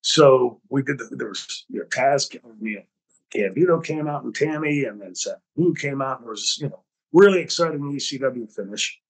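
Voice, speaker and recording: A husky-voiced man hosts his own podcast and spins backstage stories in a lively, profane storytelling style. He acts out the back-and-forth dialogue as he goes, with a mid-range voice. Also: mid-range voice, moderate pace, low-quality recording. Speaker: podcast host.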